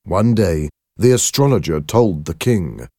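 Male narrator for a graded storybook: low, mellow, slow, dry close read. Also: animated, dry recording. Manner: slow, clear, carefully paced reading.

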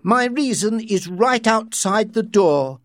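A man reading aloud voices a defiant young man who speaks slowly and emphatically. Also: high-pitched, animated, a bit bright, no room sound, voice pushed up, exaggerated voice. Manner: slow, emphatic.

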